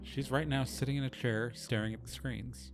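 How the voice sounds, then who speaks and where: A man's voice: mid-range voice, fairly even intonation, moderate pace, noisy background. A man running a tabletop role-playing game as game master, explaining the scene and the rules while thinking aloud.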